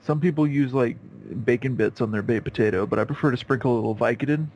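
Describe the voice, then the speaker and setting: A man's voice: mid-range voice, quick pace, a little mellow. A man co-hosting a podcast, wry and skeptical, often stammering as he restarts his sentences. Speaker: podcast co-host. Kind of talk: casual podcast banter.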